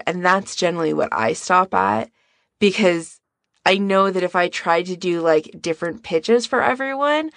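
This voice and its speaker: Slow-talking woman podcast host, dry sound. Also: on the low side, no room sound. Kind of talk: casual podcast chat.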